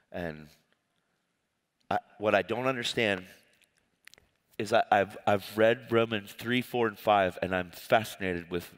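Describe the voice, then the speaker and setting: A low-voiced man preaches a sermon built on his personal testimony, telling his story with animation and emotion and restarting often. The recording carries a long hall reverb.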